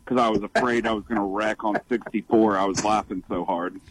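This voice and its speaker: A man's voice: lowish voice, steady tone, background noise. Earnest man calling into sports radio. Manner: earnest, measured analysis with frequent "I think". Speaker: radio show caller. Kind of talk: sports call-in opinion.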